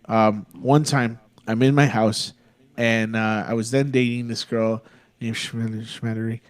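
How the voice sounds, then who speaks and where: A man's voice: on the low side, little pitch movement, unhurried, smooth. Profane laid-back young man telling a story. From Texas. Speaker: podcast co-host. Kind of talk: casual storytelling.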